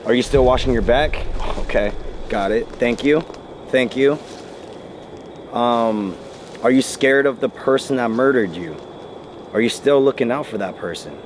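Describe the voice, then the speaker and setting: A man investigating the paranormal who calls out to a spirit with gentle, coaxing questions inside an old inn at night. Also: medium pitch, a little slow, long pauses, background noise. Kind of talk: calling out to a spirit.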